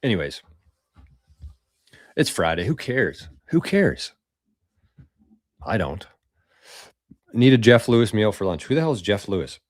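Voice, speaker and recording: A man's voice: fairly low pitch, big pitch swings, a little slow, pauses often, no echo, studio quality. Loose, rambling man on a live stream. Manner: rambling, loose and profane, chatting with viewers. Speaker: podcast host. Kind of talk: casual live-stream chat.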